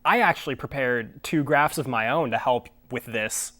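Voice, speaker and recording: A man's voice: medium pitch, normal speed, bright, forceful tone. A young man hosting a mock talk show, speaking hesitantly with stammers and dry politeness. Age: young adult. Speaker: host.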